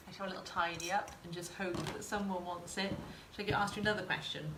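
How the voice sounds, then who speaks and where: Woman doing a live craft lesson, lowish voice, bit echoey w faint hum behind. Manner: chatty, encouraging, talks to viewers in chat. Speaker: craft tutor. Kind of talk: live sewing demonstration. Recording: roomy echo, faint ambience.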